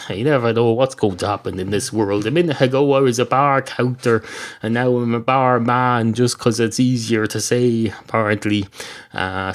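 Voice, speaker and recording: A man's voice: fairly low pitch, natural voice. An Irish man voicing a grumpy, rambling talking bar counter, a male figure, in a comedy story.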